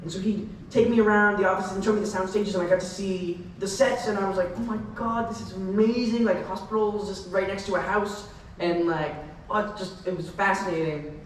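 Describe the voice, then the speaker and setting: A young man on a convention panel, telling rambling, excitable stories full of tangents and laughter. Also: sits high, a little fast, far from the mic, slight background noise. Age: young adult. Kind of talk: rambling anecdotal Q&A. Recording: echoey hall, mic heard from afar.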